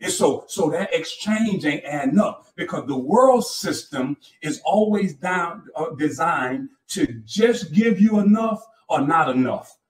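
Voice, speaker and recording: A man's voice: on the high side, lively intonation, unhurried, few pauses. A pastor in his fifties preaching a sermon with fervent call-outs to the congregation and folksy, colloquial storytelling. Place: church sanctuary. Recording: roomy church hall, mic from far off.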